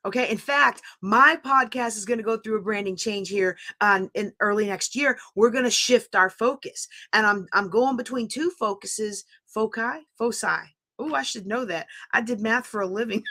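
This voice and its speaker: A middle-aged woman, hosting a live stream class, chatty and talking straight to her viewers, her voice going high and screechy when she gets excited. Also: moderate pace, few pauses. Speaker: podcast host teaching a live class.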